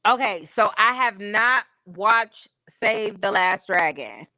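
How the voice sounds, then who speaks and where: A woman hosts a live stream from her home setup, chatting casually with candid opinions and slangy everyday talk. Her medium-pitched voice is pushed and bright with lively intonation, and she takes her time. The recording is dry and low in quality.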